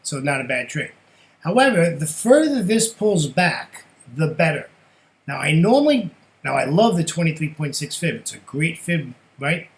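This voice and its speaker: A middle-aged man giving a casual trading lesson over his charts, chatty and quick to ask rhetorical questions, tagging "right?" onto his points. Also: on the high side, sing-song, rough recording. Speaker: forex trading educator.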